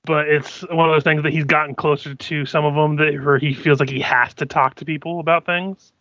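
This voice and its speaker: Male tabletop player, higher voice, rambling narration, dry dull sound. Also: flat delivery, a little fast, pushed and bright, dry recording. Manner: rambling, filler-heavy describing. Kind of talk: tabletop game play. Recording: dull lo-fi audio.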